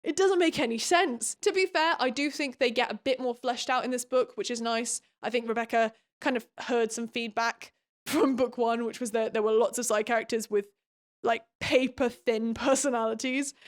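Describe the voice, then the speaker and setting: A young British woman recapping a book in casual commentary, sarcastic and quick to giggle. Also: on the high side.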